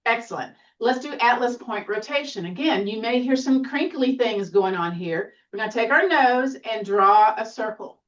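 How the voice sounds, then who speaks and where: A woman guides a seated tai chi class, her cues gentle, encouraging and now and then playful. She sounds a little away from the mic, and the sound comes through muffled and dull. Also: fairly high pitch, moderate pace, hardly any pauses, distant mic.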